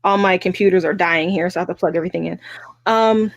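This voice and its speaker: A woman's voice: lowish voice, quick pace, vocal fry, dry recording. Chatty exasperated woman co-host. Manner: chatty, exasperated, stumbles over names. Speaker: book review podcast co-host. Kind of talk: casual chat.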